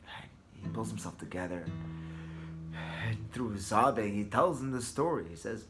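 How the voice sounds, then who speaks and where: A man's voice: lowish voice, a little fast. Man telling a story over guitar. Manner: animated, restarts and repeats words, drops to hushed tones. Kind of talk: telling a Torah thought and story. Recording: guitar music under the voice.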